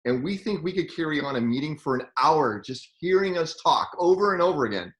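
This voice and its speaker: A man's voice: on the high side, animated, a little fast, echoey room. A man hosting a video call, teasing his guest and laughing easily. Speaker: host. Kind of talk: casual video call chat.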